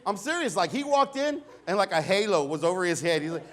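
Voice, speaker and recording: Middle-aged male stand-up comic, high-pitched, talky, self-deprecating, performs voices for dialogue. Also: lively intonation, brisk, a crowd in the background. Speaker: stand-up comedian. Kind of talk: stand-up comedy set. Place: comedy lounge with a live audience.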